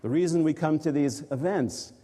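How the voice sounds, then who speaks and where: A man's voice: fairly high pitch, moderate pace, dark tone. A man, an executive coach, telling a personal story to a live audience in a reflective, conversational way. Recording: reverberant hall.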